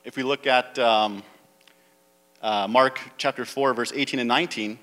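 A man's voice: medium pitch, steady tone, moderate pace, a bit bright. A male pastor preaching a sermon, reading scripture aloud and then pressing his point with rising emphasis. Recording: long hall reverb.

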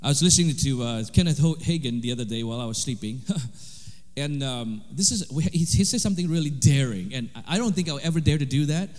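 A man preaching a sermon, animated, swinging between loud emphasis and quiet asides. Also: mid-range voice, fast, in a large hall. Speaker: pastor.

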